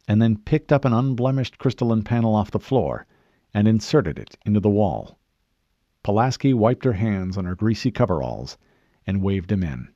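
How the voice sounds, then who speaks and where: Mellow, expressive male audiobook narrator. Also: on the low side, dry recording, highs cut off.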